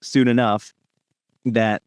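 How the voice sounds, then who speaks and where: A man's voice: mid-range voice, little pitch movement, takes it slowly, clean tone, dry recording, clean studio sound. A young man from India with an American accent, a voice actor rambling casually with many fillers in an interview. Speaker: voice actor guest.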